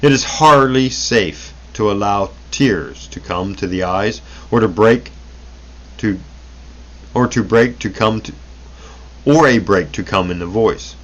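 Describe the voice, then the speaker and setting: A man's voice: on the low side, slow pace, highs cut off. A man reading an old self-help booklet aloud, unrehearsed, stumbling over words and correcting himself as he goes.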